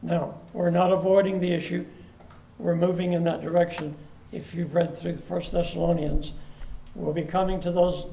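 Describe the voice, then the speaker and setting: High-voiced pastor in an echoey sanctuary. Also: male voice, vocal fry, warm tone. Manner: earnest, slows down to stress key words. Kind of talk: sermon. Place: church sanctuary. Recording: echoey church room.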